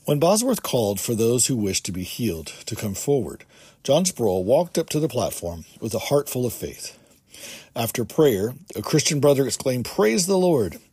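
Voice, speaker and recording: Man, podcast host, earnest book reading, husky voice, mid pitch, dry. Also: sing-song, normal speed, mellow, no room sound. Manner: earnest, with small restarts while reading. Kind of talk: reading a book aloud and commenting.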